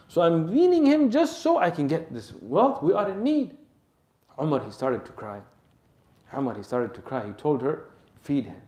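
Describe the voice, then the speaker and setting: A man preaching a sermon, telling a story dramatically and sprinkling Arabic religious terms into his English. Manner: dramatic, acts out the story's voices and drops soft and low at emotional moments. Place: mosque hall. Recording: echoey mosque hall.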